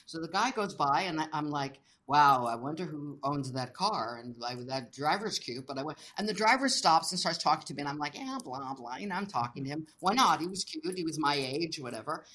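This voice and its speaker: Woman, middle-aged, American, low-pitched, casual storytelling, animated, acts out quotes. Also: fast, few pauses, husky. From United States. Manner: animated, acts out quoted voices, laughs often. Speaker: interview guest.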